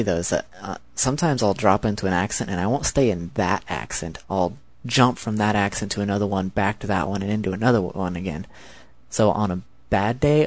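A 19-year-old man with an American accent, talking in a chatty, rambling monologue. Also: on the low side. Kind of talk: casual spoken monologue.

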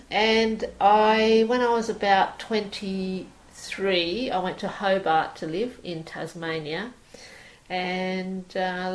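Slow, relaxed Australian woman. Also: mid-range voice, poor audio. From Sydney, Australia. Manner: relaxed, hesitant with fillers and restarts. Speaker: performer reading a passage and talking about herself. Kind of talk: reading aloud, then casual personal talk.

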